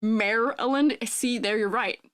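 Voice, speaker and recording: A woman's voice: a little high, unhurried, fairly bright tone, no room sound, clean studio sound. A woman chatting casually on a livestream, giggling often and reading chat messages aloud. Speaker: streamer.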